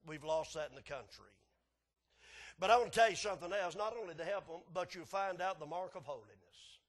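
Male preacher, high voice; folksy, chuckling, sudden hollers. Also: fairly quick. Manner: folksy, chuckling, swings from soft asides to hollering. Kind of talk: sermon.

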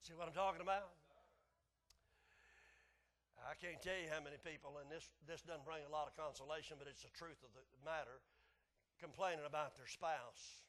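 A preacher delivers a folksy sermon in a notably high voice. He drops to near hushes and then climbs to hollered peaks. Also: fairly even intonation, fast. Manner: folksy, swinging between hushed and shouting.

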